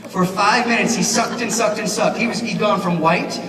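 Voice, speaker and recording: A man giving a keynote speech at a banquet, animated and asking the audience questions. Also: sits high, normal speed, a crowd in the background. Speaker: keynote speaker, teacher. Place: large banquet hall. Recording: echoey hall, mic from far off, noisy.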